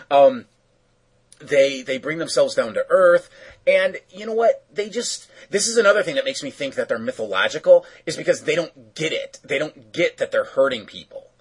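A man recaps a cartoon episode in loose, chatty talk, full of fillers and restarts. His voice sits at an ordinary pitch with a husky, breathy edge. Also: low-quality recording. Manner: rambling, filler-heavy, self-correcting.

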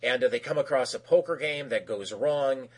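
Husky-voiced man recapping casually. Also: medium pitch, normal speed. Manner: rambling, lots of fillers and restarts; acts out quoted characters in raised voices.

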